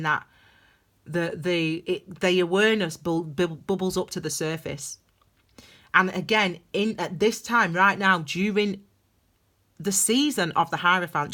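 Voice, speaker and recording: A woman's voice: fairly low pitch, a bit bright. A woman giving a casual spoken tarot reading to camera, talking emphatically and rambling with many restarts. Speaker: tarot reader.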